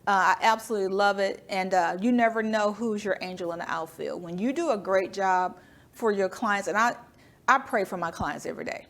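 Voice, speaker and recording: A woman guest in a business interview, telling lively stories and acting out the dialogue. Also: mid-range voice, a little fast. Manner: animated storyteller, acts out dialogue, laughs often. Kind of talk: storytelling interview talk. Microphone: studio microphone.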